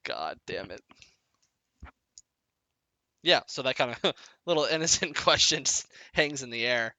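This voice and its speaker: A man's voice: mid-range voice, big pitch swings, a little slow, bright, forceful tone. A young man narrating casually as dungeon master, who laughs often and trails off and restarts his sentences. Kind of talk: casual tabletop game narration.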